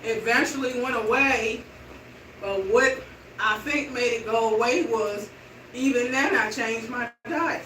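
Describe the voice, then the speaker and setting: Middle-aged woman, casual vlog chat, walking slowly, distant from mic, noisy room. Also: fairly high pitch, pushed and bright, roomy sound. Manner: chatty, slow walking while talking. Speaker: vlogger. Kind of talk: casual chat to viewers while exercising. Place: indoor room with hardwood floor.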